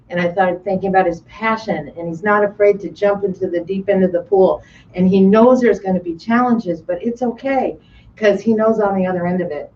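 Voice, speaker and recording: A woman's voice: on the low side, darkish tone, muffled recording, slight background noise. A woman giving an emotional, effusive acceptance speech at an awards event, recorded from a distance. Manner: heartfelt, effusive. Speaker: award recipient.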